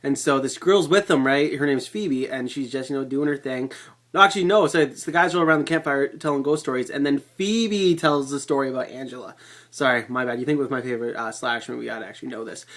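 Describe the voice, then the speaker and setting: A man giving a casual movie review vlog to a webcam, excitable and rambling, swearing freely. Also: mid-range voice, quick pace.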